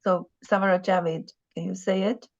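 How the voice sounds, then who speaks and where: A woman's voice: fairly low pitch, level tone, normal speed, gravelly. A woman teaching a Mandarin class in English, repeating phrases and using many fillers. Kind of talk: classroom lesson. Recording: dull lo-fi sound.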